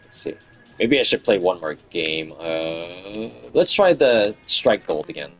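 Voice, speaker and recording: A man's voice: low voice, sing-song, unhurried, fairly bright tone, faint music behind. A man streaming a game with casual chatty commentary, laughing often and humming along, his voice tired after hours of talking. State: voice fatigue.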